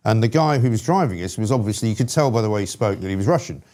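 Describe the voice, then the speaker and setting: An older man from London hosting a political talk show, telling anecdotes with his pitch jumping up at the punchlines. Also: very fast. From London, England. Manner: storytelling, animated with rising pitch on punchlines.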